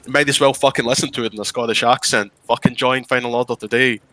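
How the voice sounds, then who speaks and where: A man in his thirties rants about online gaming with nonstop cursing. He talks fast with a sharp, bright edge. His voice sits close and dry on the mic. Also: medium pitch, fairly even intonation, dry recording. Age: 30s. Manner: profane, ranting. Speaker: guild leader. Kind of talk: casual podcast chat.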